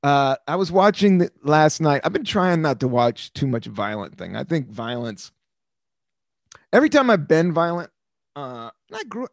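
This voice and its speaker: Animated, swearing American man, fifties. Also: on the high side, normal speed, gravelly, no room sound, studio quality. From United States. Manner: animated storytelling, swears freely, laughs often. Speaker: podcast host. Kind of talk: casual rambling monologue.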